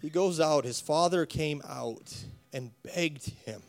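A man's voice: on the high side, slow, vocal fry, faint music behind. A male pastor preaching a sermon with rising passion, repeating words as he builds his point. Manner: impassioned, rising to emphatic preaching.

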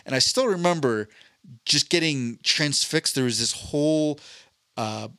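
A man's voice: fairly high pitch, expressive, measured pace, bright, forceful tone, no room sound, clean studio sound. A man co-hosting a podcast, telling a long, rambling story in casual chat with a swear here and there. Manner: rambling anecdotal storytelling with profanity. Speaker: podcast co-host.

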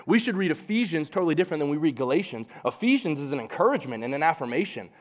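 Animated casual young-sounding male preacher. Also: fairly high pitch, rapid-fire. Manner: animated, casual, acts out quotes in a lively voice. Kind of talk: sermon.

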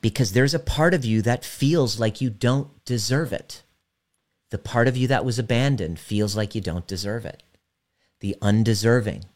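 A man working as a relationship coach, talking directly and emphatically to a live audience and slowing down to guide a visualization. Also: mid-range voice.

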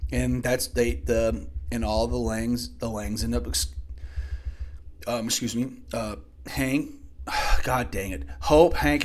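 A man giving a casual spoken film review into a desk microphone, rambling and profane, with frequent restarts. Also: mid-range voice. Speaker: movie reviewer.

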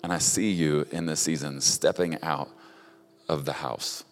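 A man giving prophetic words to people one at a time, speaking directly to each in a halting way, often repeating words. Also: very deep voice, fairly even intonation. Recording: long reverb of a large hall.

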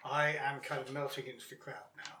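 A man's voice: mid-range voice, steady tone, fairly quick, pushed and bright, roomy sound, distant mic, slight background noise. Wry man heard from across a room. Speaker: player. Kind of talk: tabletop role-play.

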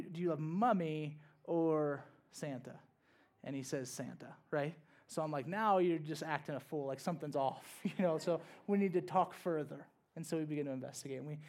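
A man's voice: fairly high pitch, darkish tone. A young man, a pastor, giving a conversational sermon with casual asides and rising bursts of energy.

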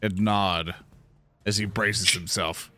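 A man's voice: low voice, fairly even intonation, slow, pushed and bright, soft background music. A man playing a tabletop game, casually declaring his character's moves. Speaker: player.

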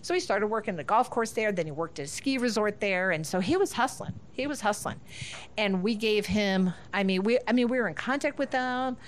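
A middle-aged woman from Northern Ohio, appearing as a guest speaker, tells a family story, laughing and acting out lines of dialogue. Her voice is medium in pitch, animated and fairly quick. A slight hiss or hum runs under the recording.

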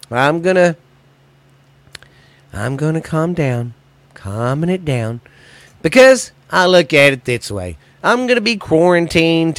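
A man hosting a podcast, ranting in a profane, agitated way that swings between loud and quiet. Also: medium pitch, clean tone, dry recording. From United States. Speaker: podcast host. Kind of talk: angry solo podcast rant.

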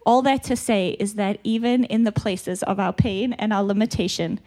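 At a moderate pace, a South African retreat speaker talks in a medium-pitched, steady, slightly mellow voice. Her church retreat talk is conversational and candid, delivered through a stuffy nose with occasional self-directed laughter.

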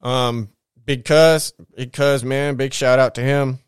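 A man's voice: medium pitch, steady tone, takes it slowly, clean tone, no room sound, clean studio sound. A man telling his own life story on a podcast in a loose, rambling way, heavy with slang and fillers. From Southern California. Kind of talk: casual storytelling.

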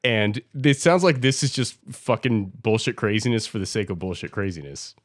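A man's voice: lowish voice, lively intonation, moderate pace, no room sound, clean studio sound. A man co-hosting a casual podcast, blunt and opinionated, swearing as he makes his points. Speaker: podcast co-host. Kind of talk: casual chat reviewing a film.

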